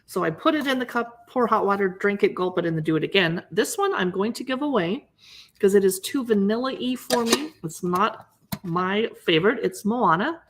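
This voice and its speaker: A woman hosting a casual livestream, chatty and animated, showing products and joking about herself. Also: medium pitch, normal speed, a little hiss or hum. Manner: chatty, animated, self-deprecating. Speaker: livestream host. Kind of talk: casual product showcase chat.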